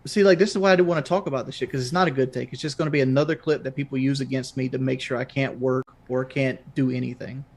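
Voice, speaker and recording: A man in his thirties, a guest in a heated online interview, who talks in a defensive, rambling way and is quick to protest. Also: medium pitch, fairly even intonation, creaky, a little mellow. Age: 30s.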